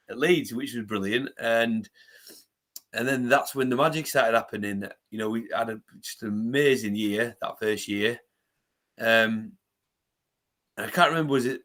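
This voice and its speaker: A former rugby player, telling his story in a bright, forceful voice. He talks in an animated way, restarting his sentences and repeating words as he goes. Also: medium pitch. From England. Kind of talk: storytelling in a podcast interview.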